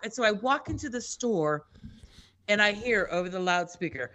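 A woman's voice: fairly low pitch, normal speed. A woman telling a story in casual chat, swearing and acting out the quoted lines of everyone in it. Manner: animated, swears, acts out quotes.

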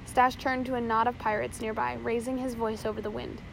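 Fairly high-voiced woman reading a storybook. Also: fairly quick, vocal fry, slight background noise, low-quality recording. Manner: steady reading with small slips. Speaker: audiobook narrator. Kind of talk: audiobook narration.

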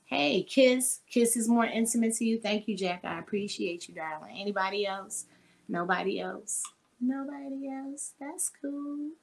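A woman's voice: mid-range voice, expressive, moderate pace, creaky, hardly any pauses. A woman hosting a podcast, talking bluntly and explicitly and quizzing her listeners. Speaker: podcast host. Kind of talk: casual frank talk with listeners.

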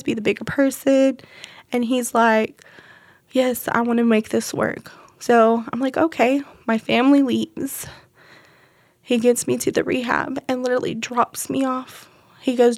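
A woman's voice: on the high side, no echo, studio quality. A young woman from Texas, telling her personal testimony in a rambling way and acting out the dialogue. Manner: rambling storytelling that acts out quoted dialogue. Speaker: guest sharing a testimony.

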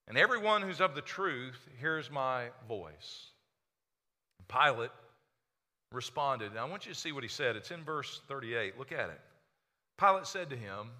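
A man's voice: on the high side, pushed and bright. A man preaching a sermon as pastor, acting out the people he quotes. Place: church sanctuary. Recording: reverberant church hall.

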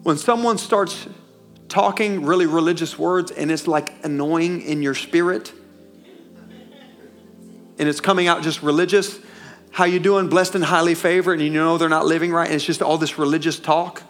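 Emphatic male preacher, fairly high voice. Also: fairly even intonation, normal speed, faint music behind. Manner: emphatic, calls for congregation response, folksy asides. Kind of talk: sermon.

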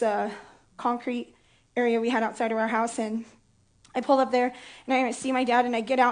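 High-voiced woman preaching candidly. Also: a little mellow. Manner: candid, playful, emotional storytelling. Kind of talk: sermon with personal story.

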